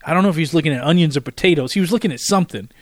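A man's voice: fairly high pitch, very fast, dry recording, studio quality. Chatty man telling a rambling story. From Washington, D.C. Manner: rambling, repeats himself, animated storyteller. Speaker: podcast host. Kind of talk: casual solo storytelling.

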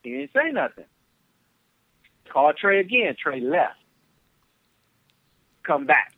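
A man from Flint, Michigan, telling stories as a podcast guest over the phone, animated and acting out the people in them. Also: on the high side, slow, pauses often, no room sound. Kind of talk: casual storytelling on a podcast. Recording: tinny phone line.

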